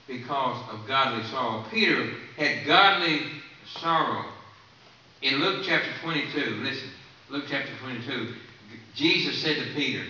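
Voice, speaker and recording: A man's voice: medium pitch, sharp tone, a little hiss or hum. Man preaching in a very echoey room. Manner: earnest storytelling preaching with repeated phrases. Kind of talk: sermon. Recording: very echoey, distant and dull.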